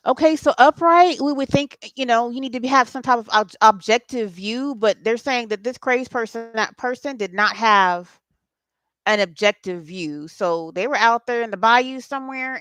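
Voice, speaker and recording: A woman's voice: on the high side, moderate pace, a bit bright, no echo. A woman doing a casual channeling session as a psychic reader, chatting and laughing with her viewers. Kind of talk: casual spirit channeling livestream.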